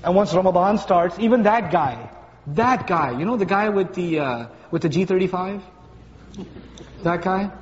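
A man with a fairly high voice preaches a lively, joking sermon, slipping into funny voices for everyday scenes. His voice rings with a long reverb through a large hall, the sound a bit dull, with faint room noise underneath. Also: normal speed. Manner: animated, acts out little scenes with funny voices, rising pitch when emphatic. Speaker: speaker at a Ramadan talk. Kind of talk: lively sermon to young audience.

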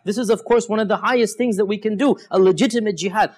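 Guy giving a ramadan sermon, kinda high voice, tells hadith stories with lots of uh's and restarts. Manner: switches between quick Arabic quotes and drawn-out emphatic English; many fillers and restarts, animated storytelling. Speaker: preacher.

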